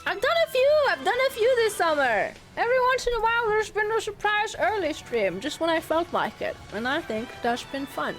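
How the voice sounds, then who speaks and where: Casting note: young woman streamer, very high and lively voice, chatty and giggly, faint music underneath. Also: a little fast, few pauses. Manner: giggly, chatty, reads and answers chat. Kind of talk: casual livestream chat with viewers.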